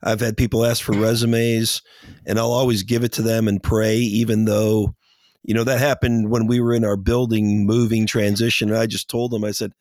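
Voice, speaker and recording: A man, a pastor, sharing measured thoughts on ministry in a group conversation. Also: on the low side, flat delivery, a little mellow, dry recording. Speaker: pastor, co-host. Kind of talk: conversational discussion.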